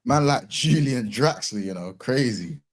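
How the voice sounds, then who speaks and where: A man's voice: mid-range voice, animated, a little slow. A man co-hosting a casual football live stream, joking and teasing the others in playful banter. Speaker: co-host.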